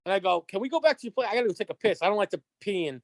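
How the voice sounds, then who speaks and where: A woman's voice: mid-range voice, rapid-fire, dry recording. A woman, a podcast guest telling a story with lots of swearing, acting out every line of dialogue. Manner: animated, acts out quotes, heavy swearing.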